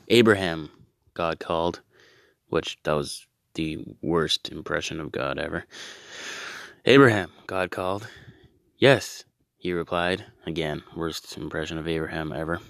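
A man performing a comedy bit, reading scripture and then his own updated versions, in a deadpan, low-key way with exasperated outbursts. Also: moderate pace, clean tone, no room sound, clean studio sound.

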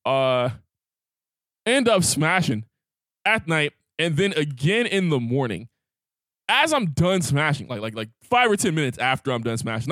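A man's voice: medium pitch, a bit bright, no room sound, clean studio sound. A man co-hosting a podcast, telling a crude story in casual chat with lots of animation. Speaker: podcast co-host.

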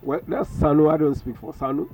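A man's voice: a little high, fairly quick, a little mellow. A man, a professor speaking as a guest on a radio talk show, emphatic and preachy, repeating his phrases. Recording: distant mic with faint music.

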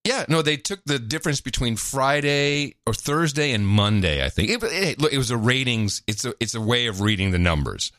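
A man's voice: mid-range voice, lively intonation, moderate pace, few pauses, a bit bright, no room sound, studio quality. A man co-hosting a casual political chat show, talking in a loose conversational way. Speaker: podcast co-host.

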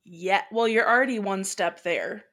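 A woman's voice: mid-range voice, normal speed, fairly bright tone. Young woman co-host, chatty and emotional, easy laugh. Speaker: podcast co-host. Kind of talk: casual chat.

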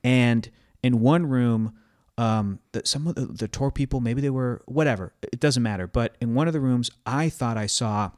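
A man's voice: mid-range voice, normal speed, a little mellow, no room sound, studio quality. A man co-hosting a casual podcast chat, rambling with many fillers and restarts. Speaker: podcast co-host.

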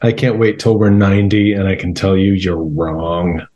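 A man's voice: low voice, level tone, normal speed, warm tone, dull audio. A man co-hosting a casual podcast chat, laid-back and self-deprecating. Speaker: podcast co-host.

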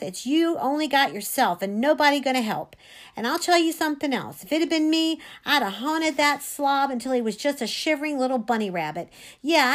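A woman's voice: medium pitch, fairly bright tone, voice pushed down. A woman voicing an angry teenage boy ghost, bitter and vengeful, with heated, tough street talk, reading from a storybook.

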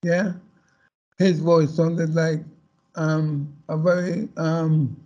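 A man speaking as a panel guest, talking slowly and haltingly with many restarts. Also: on the high side, level tone, dark tone, dull audio. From Caribbean heritage. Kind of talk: panel discussion.

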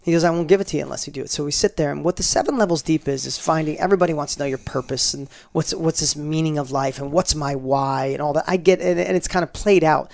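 A middle-aged man as a podcast guest, telling personal stories in a casual interview, animated and acting out quoted dialogue with frequent restarts. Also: on the high side, quick pace, creaky, few pauses.

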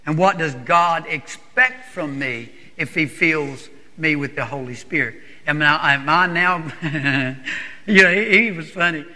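A man speaks to a church congregation in a high voice with a sharp, bright edge. He preaches earnestly and emphatically, often restarting and repeating his words. His voice rings with the long reverb of a church hall. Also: unhurried. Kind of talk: sermon testimony to a congregation.

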